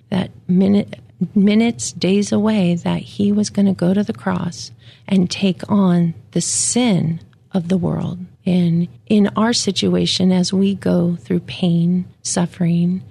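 A widowed woman giving a gentle, reflective devotional talk about grief and faith, speaking plainly with occasional fillers. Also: fairly low pitch, creaky, slightly rough. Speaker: widow sharing her faith.

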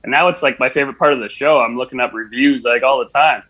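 A man's voice: medium pitch, quick pace, bright, forceful tone. A man with a Canadian accent, a podcast guest telling stories in a laid-back, sarcastic way. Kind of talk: casual storytelling.

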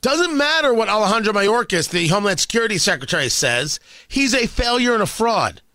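An emphatic male radio host delivering a sarcastic opinion monologue, his fairly high voice leaping around with lively swings in pitch. The tone is bright and cutting, and the studio sound is dry and close. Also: brisk, dry recording. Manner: emphatic, sarcastic, repeats phrases for effect.

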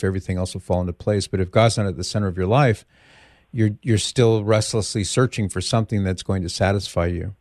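A man's voice: on the low side, darkish tone, no echo, studio quality. A man hosting a call-in radio show, asking probing questions and giving earnest, patient advice. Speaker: radio talk show host.

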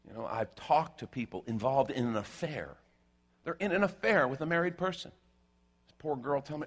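A man preaching a sermon in an animated, rhetorical way, with sarcastic asides. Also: fairly high pitch, quick pace.

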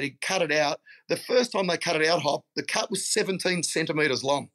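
A man's voice: a little high, a little fast, fairly bright tone. A middle-aged Australian man chatting casually as a guest, telling blokey stories and calling people mate. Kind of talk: casual chat.

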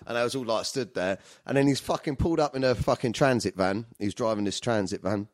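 A man, telling rough stories in casual chat, swearing often and laughing as he goes. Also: medium pitch, fast, no echo, studio quality.

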